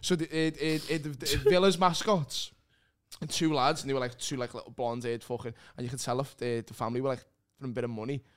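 A man's voice: medium pitch, steady tone. Sweary man telling stories. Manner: sweary storytelling, halting restarts, laughing often. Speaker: comedian guest. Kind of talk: casual podcast chat.

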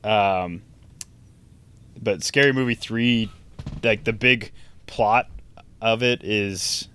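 A man's voice: fairly low pitch, takes it slowly, fairly bright tone, slight background noise. A man chatting casually on a podcast, hesitant and filling his talk with likes and ums. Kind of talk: casual chat.

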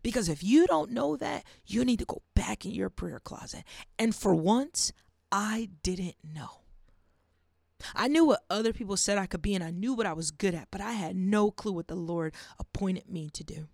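A woman hosting a faith podcast, preaching earnestly and dropping to a hush for emphasis. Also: medium pitch, expressive, normal speed, gravelly, dry recording, clean studio sound. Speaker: podcast host. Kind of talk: faith-based podcast monologue.

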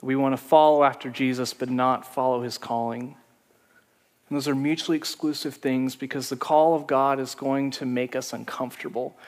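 A man's voice: medium pitch, steady tone, normal speed, in a large hall. A man preaching a sermon as pastor, telling stories in a conversational way.

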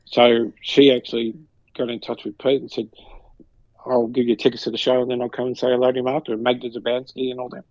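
A man's voice: mid-range voice, little pitch movement, fast talker, a little mellow, no room sound, highs cut off. A man telling long, rambling anecdotes in casual chat, acting out the voices of people he quotes. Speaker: guest.

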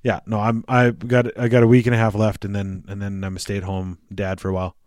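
Low-voiced laid-back podcast guy. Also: dry recording, clean studio sound. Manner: relaxed, laughs easily, halting restarts. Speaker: podcast co-host. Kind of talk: casual chat.

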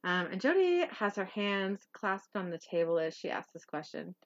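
A woman hosting a podcast, narrating an episode recap in a loose, chatty way full of little fillers. Her voice sits at an ordinary middle pitch, and the recording is a bit dull and lo-fi. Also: big pitch swings, moderate pace. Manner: chatty, frequent fillers and laughs.

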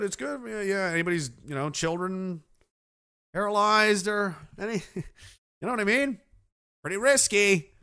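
High-pitched and sharp with a clean tone, this man's voice carries a casual livestream rant as he hosts a live show. He swears plenty, leans on sarcasm, and reads out comments from the chat.

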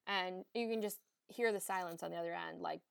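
A woman's voice: lowish voice, a little fast, gravelly, dry recording, clean studio sound. A young woman who works as an emergency nurse, hosting a podcast and speaking frankly and emphatically, often swearing, in casual chat.

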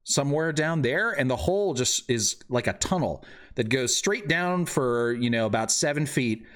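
A man running a tabletop game at a mid pitch. His narration is loose and rambling, filled with fillers as he describes each scene. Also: expressive, normal speed, fairly bright tone. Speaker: game master.

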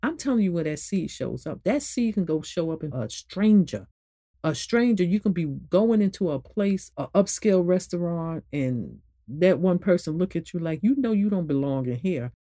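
A woman meditation therapist giving a spoken motivational talk in a conversational way, repeating phrases and swinging from low to high emphasis. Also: lively intonation, normal speed, warm tone, no echo, clean studio sound.

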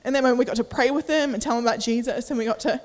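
A woman's voice: on the high side, steady tone, very fast, darkish tone, in a large hall. A young adult woman giving a sermon. She tells a personal story casually and with feeling, with many fillers. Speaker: preacher.

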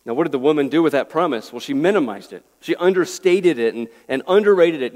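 A man's voice: a little high, animated, brisk, hardly any pauses, darkish tone. A pastor preaching an earnest, pleading sermon, a man who often restarts his words. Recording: echoey hall with long reverb.

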